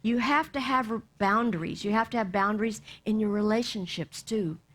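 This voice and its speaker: A woman minister giving a sermon, lively, acting out bits of the story and dropping to soft near-whispers for emphasis. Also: mid-range voice, normal speed. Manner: animated, acts out voices, drops to soft near-whispers.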